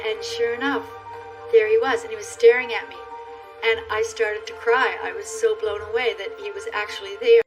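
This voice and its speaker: A woman telling a deeply emotional personal story in a documentary interview, halting and repeating herself. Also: fairly even intonation, over music, rough recording. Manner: heartfelt, halting, repeats words. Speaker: interviewee recounting an encounter.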